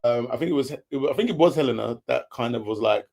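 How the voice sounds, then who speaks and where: A man's voice: medium pitch, fast, creaky, a little mellow. A man co-hosting a casual chat, teasing and blunt. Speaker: co-host reviewing a reality show.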